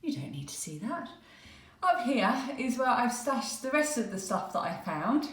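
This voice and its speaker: A woman's voice: on the high side, sing-song, moderate pace. A British woman vlogging at home, chatting casually to the camera and rambling with frequent laughs. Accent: British English. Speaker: craft vlogger. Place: home, bedroom and bathroom.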